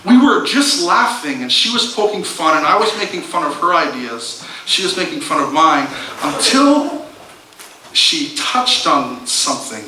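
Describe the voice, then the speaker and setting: A man's voice: a little high, big pitch swings, a little slow, sharp tone. A male pastor telling a humorous personal story in a sermon, poking fun at himself, with many restarts. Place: church sanctuary. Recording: roomy church sound from a distance.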